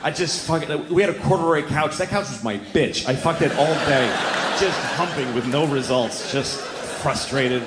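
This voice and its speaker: This stand-up comic works a club crowd at a moderate pace, his pitch swinging lively as he shares crude, confessional tales. He holds a stage mic, and the live room sounds echoey with noticeable ambient noise.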